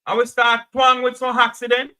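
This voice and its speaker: Jamaican radio host guy, really high voice, keeps going hold on hold on, fired up. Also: completely flat delivery, normal speed, bright, forceful tone, clean tone. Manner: impassioned, repetitive, keeps cutting in with "hold on". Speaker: radio talk show host. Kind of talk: call-in radio talk.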